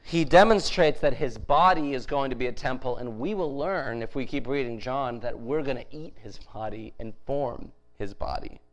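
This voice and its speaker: A man's voice: mid-range voice, normal speed, hardly any pauses, faint music behind, poor audio. A man preaching a sermon in a conversational way, with frequent restarts and emphatic rises. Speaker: pastor.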